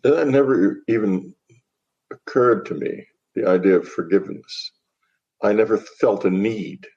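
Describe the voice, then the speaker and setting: Blunt older man, low voice. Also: a little slow, a little mellow, highs cut off. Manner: blunt, dismissive, laughs at absurdity. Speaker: author and guest. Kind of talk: podcast interview.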